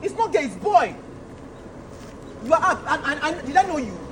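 A man's voice: very high-pitched, sing-song, moderate pace, a bit bright, slight background noise, exaggerated voice. A man playing a defensive young companion of a prophet, with a Nigerian Pidgin accent, stammering as he argues. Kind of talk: skit drama acting.

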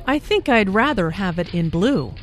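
A woman's voice: mid-range voice, sing-song, moderate pace, lightly acted. A woman playing a pleasant, decisive customer shopping for clothes in a scripted lesson dialogue. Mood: pleased. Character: cheerful adult female clothing shopper. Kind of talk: scripted role-play dialogue.

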